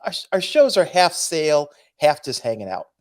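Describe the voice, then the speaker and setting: A man co-hosting a casual podcast about comic books, talking in an easygoing, hesitant way with frequent pauses and restarts. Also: on the high side, big pitch swings, a little mellow. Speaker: podcast co-host.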